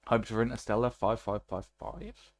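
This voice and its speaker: A man's voice: on the low side, expressive, normal speed, noisy background. A man streaming a game, chatting casually and laughing often. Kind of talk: casual gaming commentary.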